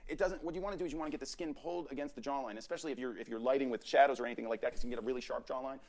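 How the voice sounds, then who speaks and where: A man teaching portrait posing in his photo studio, directing a subject with energetic, repetitive coaching. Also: medium pitch. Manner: rapid, energetic coaching with frequent restarts and repeats.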